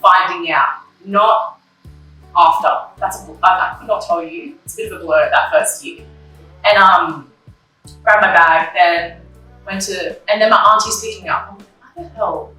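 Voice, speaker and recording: A young woman speaks openly in a bright voice, full of likes and ums, often acting out what she and others said back then. She sounds a little off the microphone, in a very echoey room. Faint music plays under her. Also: fairly low pitch, moderate pace, far from the mic. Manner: candid, emotional, retells her own past dialogue, many likes and ums. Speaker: interview guest. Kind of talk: personal conversation about grief.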